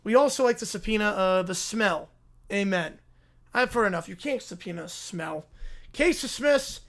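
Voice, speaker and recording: A man voicing a dry, businesslike male judge who rattles off absurd rulings in a deadpan way. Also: high-pitched, normal speed.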